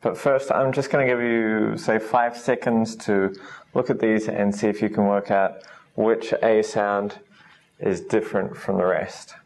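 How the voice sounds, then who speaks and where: A man teaching English pronunciation in a recorded lesson, saying each sound slowly and patiently. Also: fairly low pitch, little pitch movement, gravelly, darkish tone.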